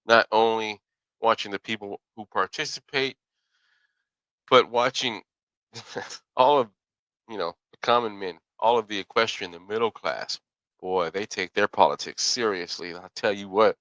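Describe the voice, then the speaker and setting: A man's voice: lowish voice, measured pace, pauses often, a bit bright, no echo, poor audio. A middle-aged man hosting his own podcast, talking casually in a folksy, rambling way and often correcting himself. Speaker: podcast host. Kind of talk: casual solo commentary.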